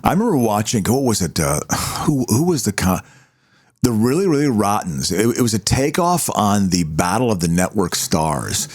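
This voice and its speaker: Husky halting man chatting on a podcast. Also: on the low side, big pitch swings. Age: middle-aged. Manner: halting, repeats words, stumbles. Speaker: podcast co-host. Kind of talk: casual chat.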